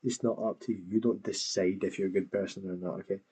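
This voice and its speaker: A man's voice: low voice, steady tone, fast, warm tone, slightly rough, rough recording. A man hosting a reaction video, talking back at a clip with scornful, swearing commentary.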